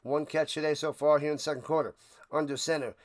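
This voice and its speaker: Man, slightly high voice, livestream watch-party host, casual play-by-play, jokey excitable asides. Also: fast.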